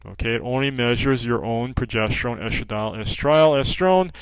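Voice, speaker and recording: A man's voice: medium pitch, moderate pace, smooth, no echo, low-quality recording. A man who sells hormone cream talks informally to customers, telling anecdotes about patients and acting out their calls while often saying "okay". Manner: peppers speech with "okay", acts out callers' lines in dialogue. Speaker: hormone practitioner selling progesterone cream.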